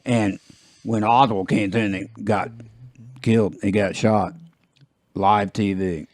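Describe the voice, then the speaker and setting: A man's voice: lowish voice, steady tone, slow, no echo, studio quality. A man, hosting a podcast in a loose, rambling, jokey way and laughing at his own jokes. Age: 50s. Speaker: podcast host. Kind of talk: casual chat.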